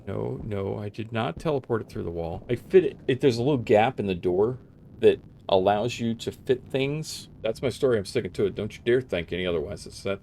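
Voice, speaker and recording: Lowish guy streamer rambling n joking while he plays, chill at-home vibe. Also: gravelly, a little mellow, a little hiss or hum. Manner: rambling, self-joking and chatty. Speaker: game streamer. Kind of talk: casual gameplay commentary.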